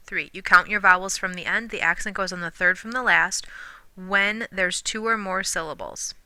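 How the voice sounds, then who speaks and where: Bright-voiced woman teaching a lesson. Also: medium pitch, dry recording. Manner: clear, patient explaining with slow modeled pronunciations; drops to a whisper when counting syllables. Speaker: Spanish teacher. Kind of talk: recorded classroom lesson.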